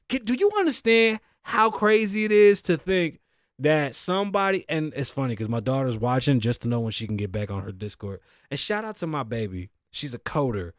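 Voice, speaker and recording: A middle-aged man hosting a podcast, ranting in casual, profane, animated commentary and wheezing a little. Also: fairly high pitch, dry recording, studio quality. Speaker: podcast host.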